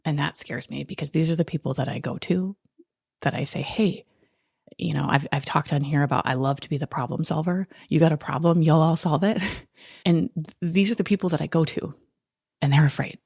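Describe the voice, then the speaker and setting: A woman's voice: low-pitched, brisk, creaky, darkish tone, husky, dry recording, clean studio sound. A woman hosting a podcast, talking through a raw, angry personal monologue and swearing freely. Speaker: podcast host.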